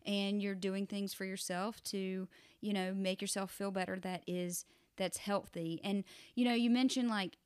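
A woman's voice: mid-range voice, fairly even intonation, measured pace, clean tone, dry recording, studio quality. A woman in her thirties co-hosting a podcast, talking through ideas in a reflective, casual way. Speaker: podcast co-host. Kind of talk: casual chat.

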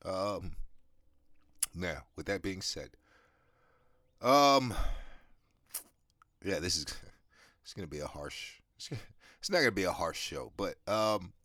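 A man's voice: sits low, expressive, slow, pauses often, sharp tone, dry recording, studio quality. A man in his thirties hosting a podcast, talking in a rambling, profane, laid-back way with many restarts and fillers, a smoker with a cough. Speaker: podcast host. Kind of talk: casual monologue.

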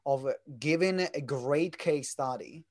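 A man's voice: on the high side, unhurried. A man hosting a podcast, speaking hesitantly with many fillers. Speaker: podcast host. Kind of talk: podcast interview.

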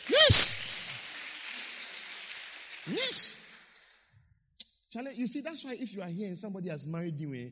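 A male pastor preaching a lively sermon, acting out quotes and pausing for his interpreter. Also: sits high, in a large hall, slight background noise. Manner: animated preaching, acts out quotes, pauses for interpreter. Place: church hall.

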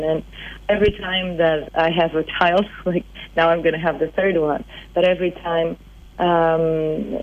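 A woman's voice: deep voice, phone-quality sound. Portuguese-accented woman, hesitant and thoughtful. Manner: hesitant, thoughtful, many fillers. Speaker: singer guest. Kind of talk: casual interview chat.

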